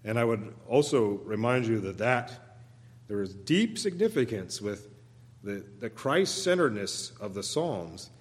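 A man preaching a sermon as a guest preacher, in an earnest manner that swells into loud pleading when he voices the psalmists' cries, with occasional restarts. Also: lowish voice, expressive, unhurried, big-room sound. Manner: occasional restarts and repeated words. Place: church sanctuary.

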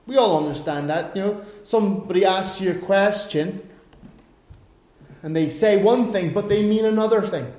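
A man's voice: high voice, normal speed, a little mellow. A man preaching a sermon earnestly, asking rhetorical questions, recorded in an echoey room.

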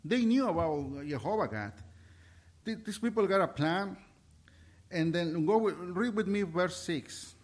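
Male pastor, fervent sermon delivery, stumbles and restarts, slightly high voice. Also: animated. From Mexico. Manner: impassioned, halting with restarts, swings between loud and soft. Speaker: preacher.

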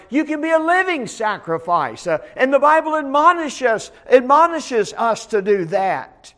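A pastor leads a Bible study sermon with emphasis, swinging from loud declarations to soft asides. He often repeats words as he starts a phrase, and his voice is very high-pitched.

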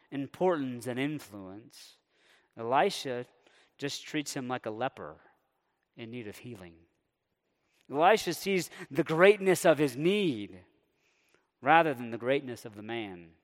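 A man preaching a sermon, animated and conversational, sometimes voicing a character's indignant thoughts. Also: mid-range voice. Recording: long hall reverb.

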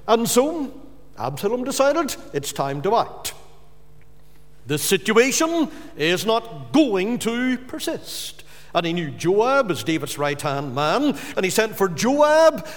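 A man's voice: high-pitched, big-room sound. A man preaching a sermon as pastor, earnest and pleading with his hearers.

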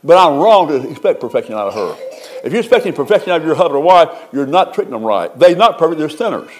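A man preaching a sermon in a folksy, talkative way, with a voice that sits a little higher than most men's. He leans into key words and stretches them out, then drops back into easy, chatty asides to the congregation. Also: very animated, fast. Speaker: pastor.

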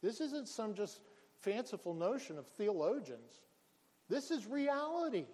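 A man with a high voice preaches a sermon in an earnest way, calling his hearers brethren and children. He often stumbles over and repeats words, and his voice rings with the long reverb of a hall. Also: very animated, unhurried, darkish tone. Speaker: pastor.

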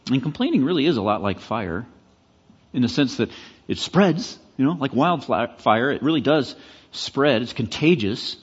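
Lively preaching man in a hall. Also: mid-range voice, normal speed, husky, lo-fi sound. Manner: conversational, animated preaching with rising emphasis. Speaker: pastor. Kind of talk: sermon.

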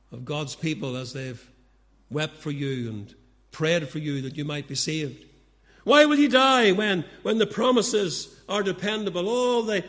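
A man preaching a sermon in a church, his voice sitting a little high. He presses the listeners with repeated questions, rising to urgent appeals and sinking to quiet, low warnings. A long reverb from the hall trails after each phrase. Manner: pleading, repetitive rhetorical questions; swings between loud urgent appeals and hushed low warnings. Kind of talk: evangelistic sermon. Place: church service.

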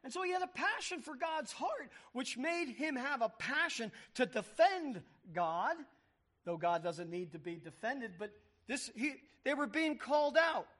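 A man with a high voice preaches a sermon. He reads scripture aloud with emphasis and acts out the voices in the passages. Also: animated, a little slow, fairly bright tone.

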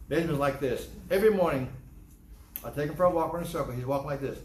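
An older man preaches as pastor in church, speaking fast in a mid-range voice, repeating himself for emphasis and acting out members' excuses. The sound is roomy with a little hiss or hum.

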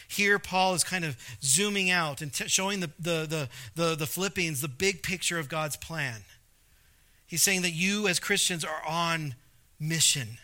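A man's voice: on the high side, unhurried, sharp tone. A man preaching a sermon as a pastor, conversational, often repeating words and acting out quotes in character.

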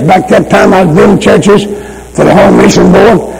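An older male preacher giving a fervent sermon testimony, impassioned and breaking into shouts and pleading. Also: high voice, fairly quick, vocal fry. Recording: old recording with loud background noise.

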